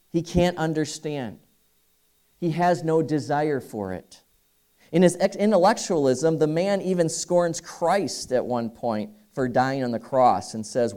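Pastor guy preaching, earnest, mellow darkish voice. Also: medium pitch. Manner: earnest, reads dialogue aloud from a book. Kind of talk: sermon.

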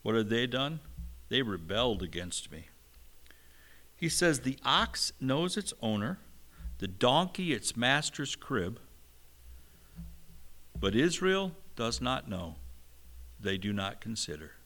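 A middle-aged man preaching a sermon, slow and emphatic, with a touch of humor. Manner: slow, emphatic preaching with lively pitch swings. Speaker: pastor.

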